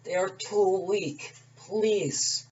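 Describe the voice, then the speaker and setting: A man's voice: high-pitched, drawn-out words, slight background noise, voice pushed up. A man voicing a poor male peasant farmer in a put-on Russian accent, begging in a raised voice. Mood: pleading. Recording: distant mic, dull and lo-fi.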